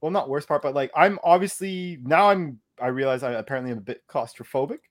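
A young man casually telling a story on a podcast, animated and profane, acting out what he said. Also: fairly high pitch, fast talker.

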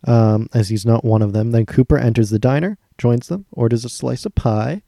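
Gravelly young man recapping a show. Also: mid-range voice, moderate pace, mellow, dry recording, studio quality. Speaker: podcast co-host. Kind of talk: casual episode recap chat.

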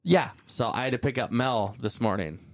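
A man's voice: mid-range voice, normal speed, no echo, studio quality. A man co-hosting a casual chat show, telling a story and acting out the quotes in voices. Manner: animated, acts out quotes in voices. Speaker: podcast co-host.

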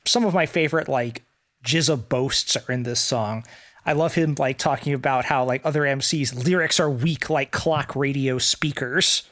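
A man's voice: mid-range voice, moderate pace, fairly bright tone. A man co-hosting a music podcast, talking casually and enthusiastically, with lots of "like" fillers. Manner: enthusiastic, rambling with many "like" fillers. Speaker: podcast co-host. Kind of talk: casual music review chat.

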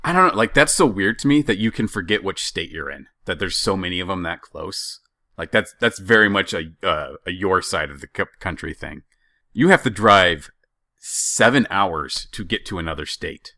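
A man from the western United States, co-hosting a podcast and telling a story in a casual, animated way, with frequent restarts. His voice sits on the low side but comes through bright and forceful. His pitch moves lively up and down as he talks. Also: no room sound, studio quality. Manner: animated, halting, with many restarts. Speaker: podcast co-host.

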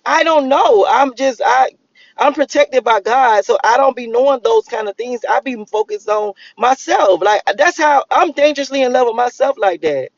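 High voiced guy rambling to his phone, like like like, restarts a lot, muffled dry audio. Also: normal speed, no room sound. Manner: musing, repeats "like" often, restarts sentences. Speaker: vlogger. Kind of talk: rambling solo monologue. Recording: dull lo-fi dry recording.

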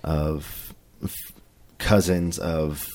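Slow, deep-voiced man musing on faith. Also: flat delivery, a little mellow. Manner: reflective, halting, many fillers. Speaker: podcast co-host. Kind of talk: casual faith discussion.

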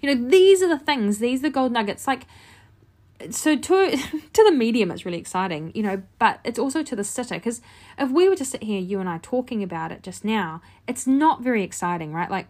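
A woman who works as a medium, chatting casually to her listeners about a reading, with many fillers and lively quoted exchanges. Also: on the high side, fairly quick. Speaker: medium, podcast host.

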